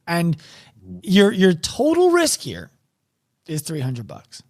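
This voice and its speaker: Man, podcast host, somewhat high voice, recaps the guest's points. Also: huge pitch swings, a little slow, a little mellow. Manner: sums up and reflects on the guest's points. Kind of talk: casual interview.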